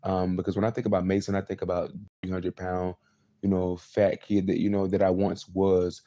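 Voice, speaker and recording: A man's voice: low voice, monotone, moderate pace, dark tone, dry recording, clean studio sound. A man in his twenties hosting his own live show, talking in a rambling, repetitive monologue about himself. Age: 20s. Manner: rambling and repetitive, many fillers. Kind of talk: casual confessional monologue.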